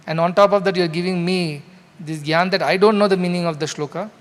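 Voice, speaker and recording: A man's voice: high-pitched, steady tone, fast, natural voice. A man with an Indian English accent speaks as a proud, irritated Sanskrit scholar in a story, indignant and scornful, in a reverberant hall.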